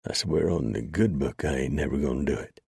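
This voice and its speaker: A man's voice: rumbling low, fairly quick, gravelly, dark tone, husky, no room sound, clean studio sound, full character voice. A man voicing a frightened outlaw, out of breath, who swears to change his ways.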